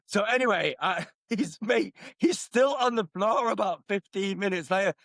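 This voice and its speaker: A man's voice: sits high, moderate pace, fairly bright tone, no room sound, studio quality. A man co-hosting a podcast, telling stories with frequent laughs and swearing. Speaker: podcast co-host. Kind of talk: casual storytelling.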